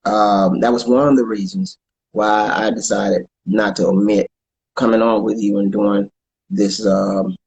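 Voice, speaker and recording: Fairly low, animated, creaky, and darkish in tone, this comedian's voice comes through lo-fi as he chats casually in an interview as a podcast co-host. He halts, stumbles, repeats words often, and plugs his show.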